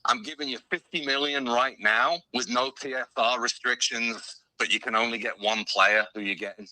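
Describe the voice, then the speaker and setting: Caller, man, Brummie with American edges, friendly, bright tone, dry. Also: medium pitch, fairly even intonation, moderate pace, no echo, poor audio. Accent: Birmingham with an American tinge. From Birmingham, England. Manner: friendly, laughs easily, asks quiz questions. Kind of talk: casual radio phone-in call.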